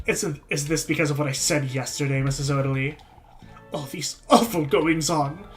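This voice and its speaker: A gentle young heroine questions the villagers with calm courtesy, voiced by a streamer. The voice sits near the reader's own, over quiet music. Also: medium pitch, moderate pace, natural voice. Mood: polite.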